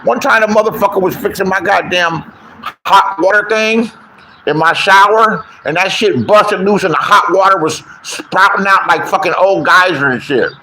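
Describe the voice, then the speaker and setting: A middle-aged man with a high, pushed, bright voice rants at a moderate pace over slight background noise. He's an online commentator, self-styled comedian and troll, telling a crude, boastful, profane story and mocking other people by acting out their lines in silly voices.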